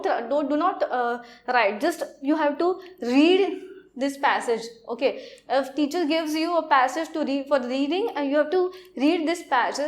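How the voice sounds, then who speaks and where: A woman teacher slowly explaining a French lesson, pausing often to say okay. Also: sits high. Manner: slow and explanatory, with frequent okays. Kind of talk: classroom lesson.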